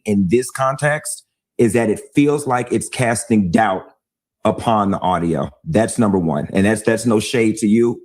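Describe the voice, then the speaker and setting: A man's voice: on the low side, a little mellow. A man on a heated panel discussion, speaking bluntly and emphatically, repeating his points for force. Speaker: livestream host and commentator.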